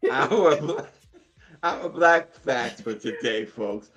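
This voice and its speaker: A man's voice: mid-range voice, animated, very slow, fairly bright tone, lo-fi sound. A man co-hosting a morning news show, chatting casually and chuckling often as he talks. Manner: chuckles often while talking.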